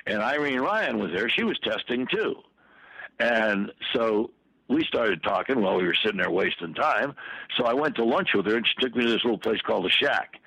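Older male guest, low husky bright voice, rambling anecdotes, dry studio mic. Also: dry recording, low-quality recording. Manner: rambling, full of asides and restarts. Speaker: actor telling stories as guest. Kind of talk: casual storytelling.

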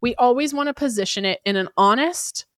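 A woman hosting an advice podcast, talking quickly and casually and often checking in with "right?". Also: fairly high pitch, a bit bright, no echo, clean studio sound. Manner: quick, chatty delivery with frequent "right?" tag questions; fillers like "like" and "kinda". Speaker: podcast host giving job-interview advice.

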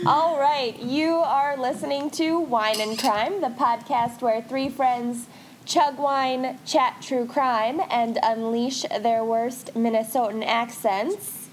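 A woman's voice: high-pitched, slow, slight background noise. A woman co-hosting a podcast in casual chat, joking and giggling often. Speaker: podcast co-host.

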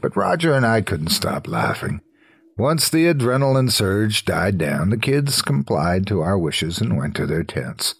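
Casting: deep, husky-voiced man narrating horror, slow and lively in pitch. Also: no echo. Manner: slow, low and hushed storytelling. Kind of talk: scripted horror story narration.

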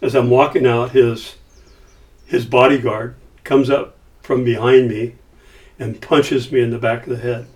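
A man's voice: mid-range voice, unhurried. A middle-aged man casually recounting a business story, acting out the quoted voices as he goes. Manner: animated, acts out quoted dialogue. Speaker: company founder telling a story. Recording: voice somewhat far from mic.

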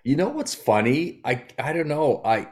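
A man's voice: mid-range voice, animated, moderate pace, a little mellow. A man guesting as a comedian, telling rambling, self-deprecating stories in casual chat.

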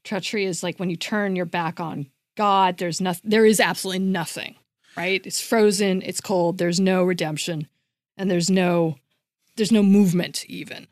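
A woman's voice: fairly low pitch, fairly even intonation, moderate pace, a little mellow, dry recording, studio quality. A woman co-hosting a podcast in casual discussion. She talks emphatically, repeats herself for stress and says "like" often. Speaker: podcast co-host.

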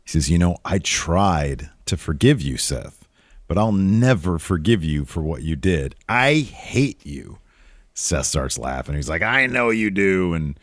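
A man with a fairly low voice co-hosts a casual podcast chat. He talks in an excitable way and laughs often. The sound is dry and close. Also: no echo. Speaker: wrestling podcast co-host.

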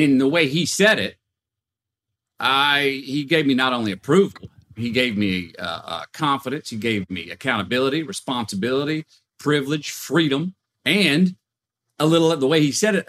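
A man who is a guest on a podcast, talking in a casual, animated storytelling way with frequent restarts and repeated words. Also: mid-range voice, moderate pace.

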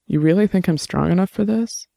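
A man voicing a shaken young woman who speaks softly and haltingly, close to tears. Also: high voice, gravelly, no echo, pitched above the performer's own voice. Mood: fragile, tearful. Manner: soft, halting, tearful.

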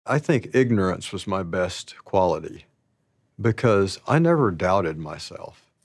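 A man telling stories about his past in a slow, rambling, casual way, laughing often. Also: low voice, expressive, slightly rough, no room sound, studio quality. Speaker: interviewee. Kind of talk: casual storytelling.

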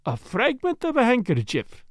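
A man's voice: high-pitched, sing-song, unhurried, dry recording, clean studio sound. A man voicing a fussy, shrewd older Belgian detective in a storybook reading, with precise, formal speech. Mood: triumphant.

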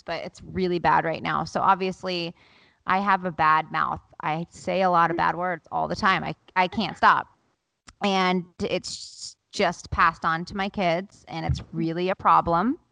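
Candid, swearing mom with a lower voice. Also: female voice, gravelly, a bit bright, dry recording, low-quality recording. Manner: candid, swears freely, laughs often. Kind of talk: casual chat among friends.

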